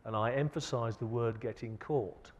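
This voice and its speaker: A man giving a conference lecture, asking the audience rhetorical questions with an emphatic delivery that swings between loud and soft. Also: mid-range voice, fairly even intonation, normal speed. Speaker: keynote speaker. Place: large conference hall. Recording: long hall reverb.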